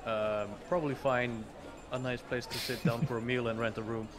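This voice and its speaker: A man's voice: mid-range voice, fairly even intonation, moderate pace, noisy background. A man playing in a tabletop role-playing game, making joking, sarcastic remarks. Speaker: player.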